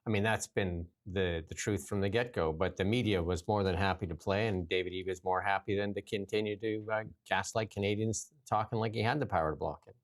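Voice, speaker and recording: A man co-hosting a political talk show, speaking bluntly and haltingly. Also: low-pitched, steady tone. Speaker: political commentary co-host. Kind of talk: opinionated political chat.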